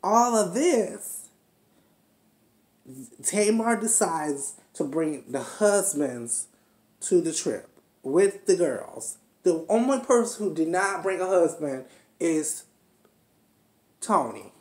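A man's voice: fairly high pitch, very animated, slow, darkish tone. A man vlogging a TV episode review in a sassy, profane, chatty unscripted rant, calling his viewers honey and child. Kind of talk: casual unscripted rant to camera. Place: indoor room at home. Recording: echoey room.

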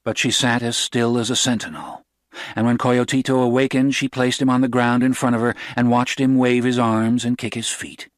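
A man narrating a novel as an audiobook, in a steady, even storytelling voice. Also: medium pitch, moderate pace, no room sound, clean studio sound.

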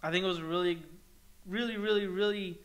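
A man's voice: high voice, fairly even intonation, a little fast, a bit bright. A young man co-hosting a casual movie review chat, joking and enthusiastic. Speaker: podcast co-host.

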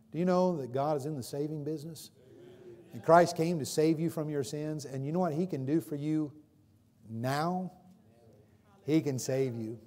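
A male pastor preaching a sermon in a church, swinging between loud emphatic calls and quieter explanation, with frequent questions to the congregation. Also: fairly high pitch. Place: church sanctuary. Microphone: livestream recording from the pulpit.

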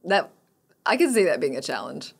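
A woman's voice: sits low, big pitch swings, normal speed, creaky, breathy edge. A woman hosting a podcast interview, enthusiastic and encouraging toward her guest. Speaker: podcast host. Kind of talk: casual conversational interview.

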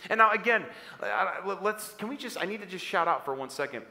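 A man preaches with energy, asking the congregation to repeat lines back to him. His voice is bright and a little high. It carries a long reverb from the church hall. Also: animated, fast talker. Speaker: pastor. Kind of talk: sermon.

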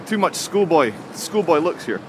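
A man's voice: on the high side, big pitch swings, moderate pace. A man vlogging to camera on a city street, telling a story in a chatty, jokey way. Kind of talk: walking vlog to camera. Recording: faint street and traffic noise.

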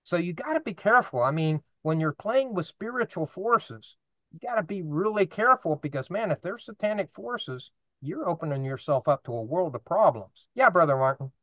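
A man leads a casual Bible study, explaining passages earnestly and tossing questions to the group. His voice sits a little high. The recording is dull and lo-fi, with a dry, close sound. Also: lively intonation, moderate pace, bright, forceful tone, no echo. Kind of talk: informal Bible study teaching.

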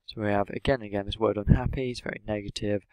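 Man, English teacher, lesson narration, low voice, monotone delivery, dry close sound. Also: clean tone, dry recording, poor audio. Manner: measured, steady, explaining.

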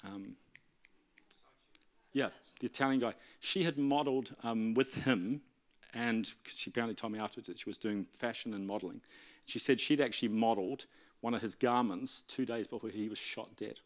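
A pastor delivers a storytelling sermon in church, animatedly recounting a tale and acting out the dialogue. His voice sits in the mid range, and he talks at a normal speed.

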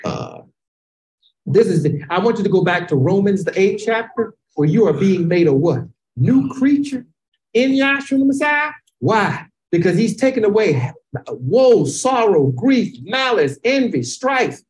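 Animated woman teaching in call-and-response. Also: medium pitch, rough recording. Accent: Chicago. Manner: call-and-response questioning, drawn-out emphasis, rising to shouts. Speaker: Bible class teacher. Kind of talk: interactive Bible class over video call. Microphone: video call.

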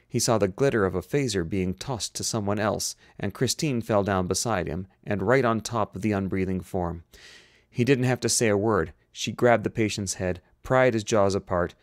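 A man's voice: lowish voice, no room sound, studio quality. A man reading a science fiction novel aloud, now and then stopping to reread a slipped line. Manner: reads, stops and rereads slipped lines. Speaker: audiobook reader. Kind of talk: amateur audiobook narration.

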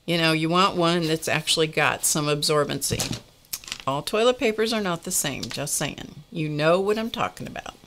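A woman's voice: deep voice, moderate pace, fairly bright tone, a little hiss or hum. An older woman hosting a casual art lesson, chatty and confessional, laughing often as she talks to her viewers. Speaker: art class host.

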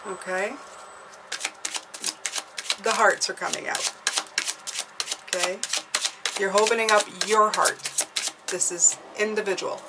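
A woman's voice: mid-range voice, vocal fry, recorded from a distance, noisy background. A woman giving an intuitive tarot reading to viewers, chatty and encouraging, often checking in with "okay?". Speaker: tarot reader.

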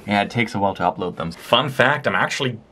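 A man with a fairly low voice talks through a hobby crafting tutorial at his desk at home. His delivery is relaxed and chatty, and he fills pauses with frequent ums and uhs. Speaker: crafting vlogger. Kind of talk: casual hobby tutorial narration.

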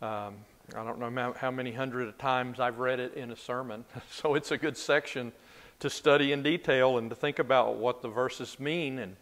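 A man teaching a Bible class in a relaxed, conversational way, asking his listeners questions as he goes. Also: medium pitch, moderate pace. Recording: long reverb of a large room.

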